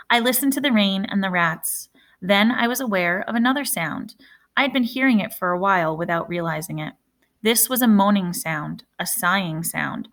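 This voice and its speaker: A woman reading a novel aloud, measured and hushed, with dramatic pauses between phrases. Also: mid-range voice. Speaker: reader.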